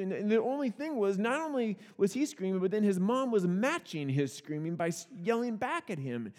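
A man preaching in a relaxed, folksy way, telling stories with lots of restarts and repeated words. His voice sits a little high for a man. It rings out with the long reverb of a church hall. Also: normal speed, few pauses. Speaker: pastor. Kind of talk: conversational sermon with personal stories.

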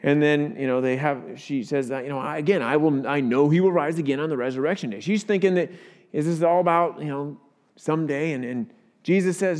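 High-voiced pastor preaching in a hall. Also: male voice, brisk. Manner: earnest preaching, swells louder at key points. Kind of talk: sermon.

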